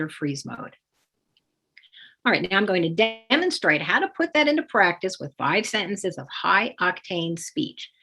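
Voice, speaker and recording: Calm instructional woman, lively emphasis. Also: fairly low pitch. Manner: calm, explanatory, acts out sample phrases with lively emphasis. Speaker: parenting educator. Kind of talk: instructional talk with demonstrations.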